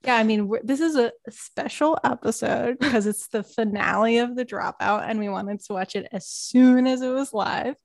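A woman from the western United States co-hosting a podcast, playful and quick to laugh. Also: a little high, gravelly, no echo, clean studio sound. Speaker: podcast co-host. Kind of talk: casual chat.

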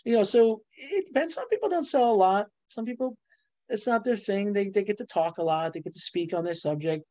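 Middle-aged woman, bubbly storyteller, dry close sound, animated guest. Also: medium pitch, a little fast, no echo. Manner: bubbly storyteller, laughs often, voice jumps up on punchlines. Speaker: guest, ghostwriter and publisher. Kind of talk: animated casual interview talk.

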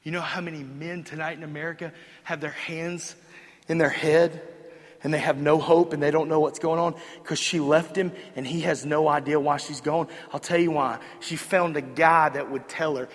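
A man preaching a sermon, emphatic and animated, dropping to hushed lines and rising to shouts as he acts out what people say, in a reverberant hall. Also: on the high side, moderate pace. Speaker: pastor. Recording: echoey hall.

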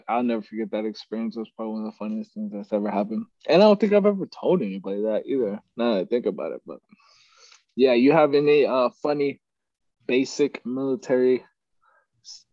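A man's voice: mid-range voice, dry recording. A man hosting a podcast, telling his stories in casual chat and laughing often. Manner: animated storyteller, laughs often. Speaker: podcast host. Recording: dry, dull lo-fi sound.

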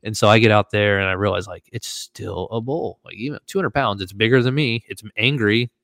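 Guy on a podcast telling a wild travel story, kinda low voice, acts out everybody's lines, dry no-room sound. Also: a little fast, gravelly, no room sound. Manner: animated, acts out quoted voices. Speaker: podcast host. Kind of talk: casual storytelling.

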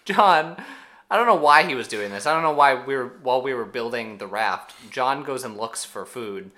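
A man co-hosting a podcast, recapping an episode in casual chat with animated storytelling. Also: mid-range voice. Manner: animated storytelling with quick asides. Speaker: podcast co-host.

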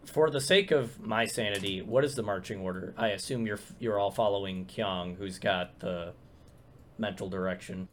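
A man running a tabletop game as game master, talking in a halting way with many fillers and restarts. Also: fairly low pitch, slight background noise. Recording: loud background guitar music.

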